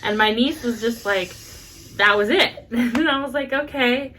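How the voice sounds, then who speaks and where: A woman in her thirties co-hosting a podcast, telling a story in a lively chat and acting out the voices of the people in it. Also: on the high side, a little slow, a little hiss or hum. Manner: animated storyteller, acts out quotes with laughs. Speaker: podcast co-host. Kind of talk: casual chat.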